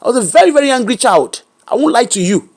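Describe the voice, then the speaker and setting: Animated Nigerian woman telling her story. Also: on the high side, fast talker. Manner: animated, emphatic, mixes Pidgin and Yoruba into English. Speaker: interview guest. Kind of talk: candid personal storytelling.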